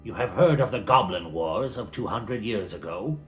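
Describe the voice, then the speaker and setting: A man voicing a mysterious, cryptic old male wizard who speaks in a slow, solemn, portentous way. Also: lowish voice, animated, faint music behind, natural voice.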